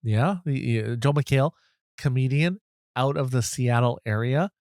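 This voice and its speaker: A man's voice: mid-range voice, a little slow, darkish tone, smooth, no room sound, clean studio sound. A middle-aged man hosting a podcast, telling a self-deprecating story in a rambling, casual way, restarting his sentences often. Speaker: podcast host. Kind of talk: casual anecdote.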